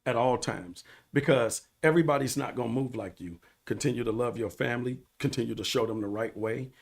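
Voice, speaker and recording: A man appears as a guest in a casual storytelling podcast interview, recounting his story in an earnest, preachy way and repeating phrases for emphasis. His mid-range voice moves a little fast and has vocal fry.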